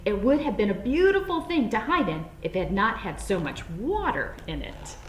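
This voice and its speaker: A woman reading a children's storybook aloud in an expressive, playful way. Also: mid-range voice, moderate pace, a little hiss or hum. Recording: roomy echo, faint background.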